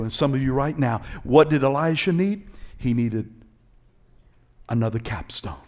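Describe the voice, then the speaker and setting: A male preacher giving a passionate sermon, calling out to his congregation and swinging between loud exhortation and quiet, hushed moments. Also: mid-range voice, moderate pace, long pauses. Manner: passionate, call-and-response, swings from shouts to hushed.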